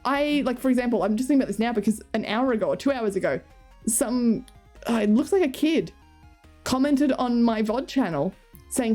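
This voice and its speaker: A woman's voice: on the high side, expressive, fairly quick, mellow, faint music behind. A woman streamer chatting casually and giggling as she reads chat and talks to her cats.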